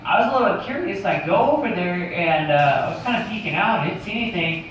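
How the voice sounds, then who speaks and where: A man's voice: high voice, expressive, fast, fairly bright tone, slight background noise. A man telling a rambling comic story, swearing and laughing at his own jokes. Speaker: comedian. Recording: echoey room, distant mic.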